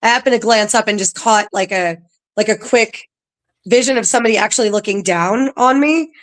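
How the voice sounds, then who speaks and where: Woman, podcast guest, chatty, laughs easily, filler-heavy, middle pitch. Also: a little fast. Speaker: paranormal museum staff guest. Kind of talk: casual podcast interview.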